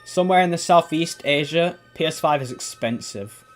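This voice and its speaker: A man's voice: fairly high pitch, normal speed, soft background music. Rambling man streaming a game. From England. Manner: rambling, swears casually, trails off and restarts. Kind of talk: casual gaming stream chat.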